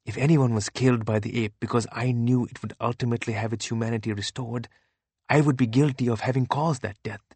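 A man's voice: medium pitch, fairly even intonation, a little fast, a little mellow, husky, no room sound. A man reading the lines of an earnest man burdened by visions of the future, grave and earnest. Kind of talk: audiobook character reading.

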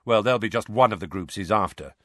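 A weary, thoughtful man in middle age, calm and measured as he explains, his voice moving lively up and down, as a narrator plays him. It is read close and dry, like a storybook. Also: lowish voice, no room sound.

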